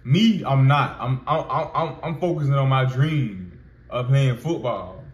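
A man's voice: medium pitch, unhurried, roomy sound, lo-fi sound, a little hiss or hum. A man in his twenties telling a personal story in loose, profane slang with lots of fillers. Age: 20s. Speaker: vlogger. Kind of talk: casual storytelling.

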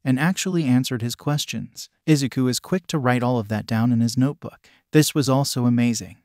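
A man's text-to-speech voice narrating a story in a flat, even delivery. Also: medium pitch, brisk, dry recording, studio quality.

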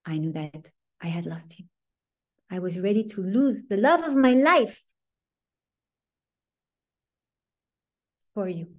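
A woman's voice: medium pitch, animated, moderate pace, close to an everyday voice. A woman voicing the biblical matriarch Rachel, who pleads with God in a heartfelt first-person confession. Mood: sorrowful.

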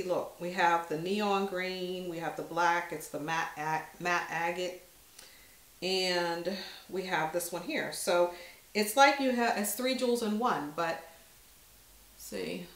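A woman who makes jewelry, casually demonstrating her pieces in a chatty, unhurried way, pausing with ums as she works with her hands. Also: on the low side. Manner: chatty and unhurried, talks while working with her hands, frequent um. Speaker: jewelry maker showing her own designs. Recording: roomy echo.

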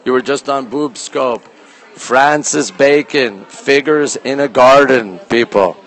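Man live-streaming on a phone in a museum. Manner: reads artwork titles slowly, talks to chat by name; talks low at times to keep quiet. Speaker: livestream host touring a museum. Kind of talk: casual live-stream chat with viewers. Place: indoor art museum gallery.

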